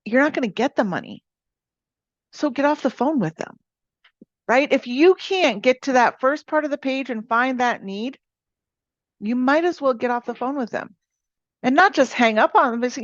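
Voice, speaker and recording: A woman's voice: on the high side, expressive, moderate pace, dry recording. A woman leading an insurance sales team meeting, coaching her agents with energy and often asking "right?". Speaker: insurance agency team leader. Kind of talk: motivational sales coaching talk. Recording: dull, dry sound.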